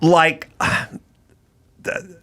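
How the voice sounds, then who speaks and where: A man hosting a comedy podcast, ranting in a profane, shouty mock commencement speech and laughing through his own jokes. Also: extremely slow. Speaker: podcast host.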